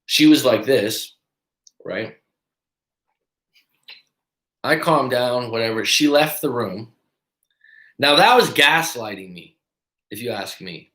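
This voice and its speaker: A man with a mid-range voice tells a story in a relaxed, lively way, slipping into the voices of the people in it. His voice carries a noticeable roomy echo. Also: mid-range voice, takes it slowly, pauses often. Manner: animated, acts out other people's lines. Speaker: breakup coach. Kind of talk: casual storytelling.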